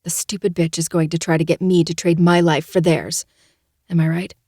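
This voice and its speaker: Brief: man doing a high, sharp young heroine, scared but defiant, audiobook. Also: little pitch movement, moderate pace, no echo, studio quality. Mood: angry. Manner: sharp, urgent, frightened. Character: fierce, panicked young woman heroine. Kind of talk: audiobook character reading.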